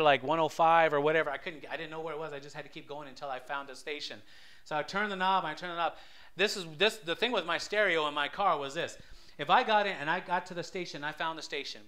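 Bright-voiced man preaching a sermon. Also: on the high side. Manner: conversational storytelling, swells loud for emphasis; many restarts and stammers. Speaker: lay preacher.

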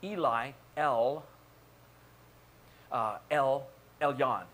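A man's voice: mid-range voice, takes it slowly, long pauses. A male pastor preaching a sermon in a church, building to repeated calls and questioning the congregation. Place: church sanctuary.

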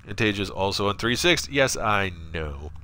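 A man hosts a casual gaming stream from his apartment, rambling, swearing freely and reading viewer comments aloud. His fairly low voice is very animated, pushed and bright with a clean tone, at normal speed.

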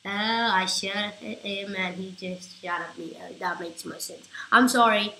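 A woman chatting through live gameplay commentary, rambling and getting excitable at big moments. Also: mid-range voice, measured pace, roomy sound, slight background noise, low-quality recording. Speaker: gaming YouTuber.

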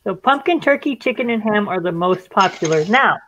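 With a mid-range, expressive voice that's fairly quick and a bit bright, a woman chats her way through hosting a live stream. She leads the group casually, often saying "all right." There's a little hiss or hum over the dull, lo-fi stream audio.

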